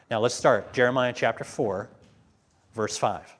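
A man preaching to a congregation at a mid-pitched, ordinary tone. He reads scripture slowly and with emphasis, then drops back into plain, conversational talk with his listeners. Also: breathy edge. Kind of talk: sermon with scripture reading.

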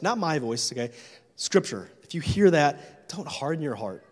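Pastor guy preaching urgently, fairly high voice, long reverb like a big church hall. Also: animated, moderate pace. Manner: urgent, repetitive appeals. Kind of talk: sermon.

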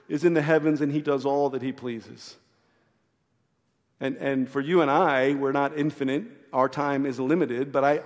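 A man preaching a sermon as a pastor in a church, earnest, often repeating words to press a point. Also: on the high side. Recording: echoey hall.

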